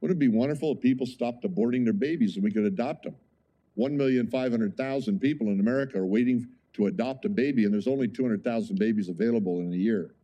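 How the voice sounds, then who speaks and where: A man's voice: medium pitch, quick pace, mellow, muffled recording. A man preaching a sermon as pastor, conversational, with frequent rhetorical questions to the congregation.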